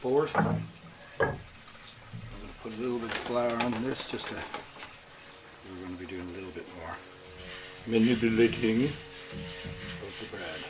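A man's voice: on the low side, measured pace, long pauses. Joking man baking, noisy kitchen. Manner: self-mocking, joking asides. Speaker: musician making bread. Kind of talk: casual cooking demonstration. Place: home kitchen. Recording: loud background noise, running water.

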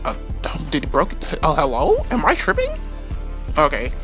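A man giving live gameplay commentary at home late at night, trash-talking opponents and swearing a lot, with sudden high-pitched yells. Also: normal speed, faint music behind. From United States. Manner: excitable trash talk with frequent swearing. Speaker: gaming channel host.

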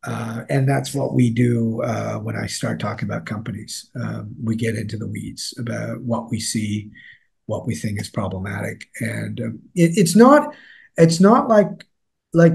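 A man with a gravelly, husky voice talks casually as an interview guest. His sentences ramble and trail off, full of fillers and restarts. His pitch sits in the middle. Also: unhurried, a little mellow. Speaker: newsletter editor, interview guest.

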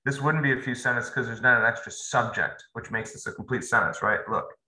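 A man's voice: mid-range voice, a little fast, sharp tone. A young man teaching a casual grammar lesson, loose and conversational, talking straight to his students. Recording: roomy echo, faint noise.

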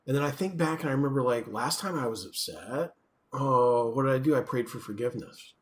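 In this recorded university lecture, a male professor speaks conversationally at mid pitch with lively intonation and a slightly quick pace. He keeps tossing "right?" to his students and slips into small performed voices for the quotes he illustrates.

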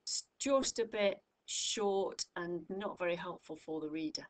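A woman tutor giving a recorded grammar lesson, speaking clearly and patiently, from the United Kingdom, stressing each example phrase. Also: mid-range voice, lively intonation, a little slow. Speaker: English tutor.

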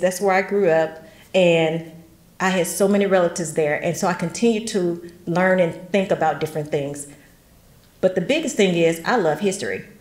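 This genealogy workshop talk comes from a middle-aged West Tennessee woman with a lowish, slightly mellow voice. She keeps it chatty, with folksy asides and frequent laughs. The recording carries a roomy echo.

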